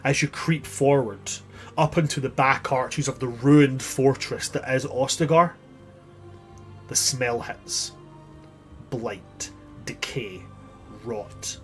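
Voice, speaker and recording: A man's voice: medium pitch, steady tone, slow, soft background music. A man acting as game master, narrating a tabletop game in vivid, grisly detail, sometimes restarting his sentences.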